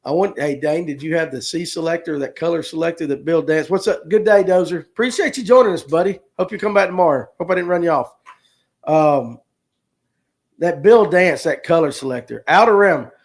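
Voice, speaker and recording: On his casual fishing livestream, a man from North Georgia, US jokes with viewers, reads their comments aloud and talks to them by name in a folksy manner. He's the show's host, and his voice runs on the high side with a brisk pace.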